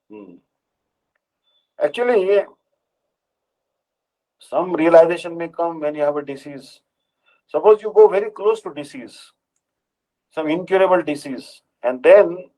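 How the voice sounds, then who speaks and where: A man giving a devotional sermon, explaining with homely examples and chanting mantras. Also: medium pitch. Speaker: preacher. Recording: dull lo-fi sound.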